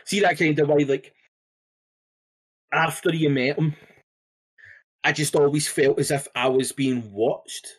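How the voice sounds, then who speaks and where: A man co-hosting a podcast, telling a story in a relaxed, rambling way with lots of fillers and swearing. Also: a little high, a little slow, long pauses. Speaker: podcast co-host.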